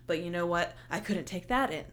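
A young woman telling a story in casual chat, animated and heated, swearing often and filling with "like". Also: lowish voice, fairly quick, a little hiss or hum. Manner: heated, animated retelling with heavy swearing and many "like" fillers.

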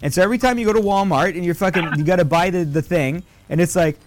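A man's voice: sits high, lively intonation, fast. Rambling, foul-mouthed man chatting. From Canada. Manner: rambling, profane, lots of fillers. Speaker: podcast host. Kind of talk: casual chat.

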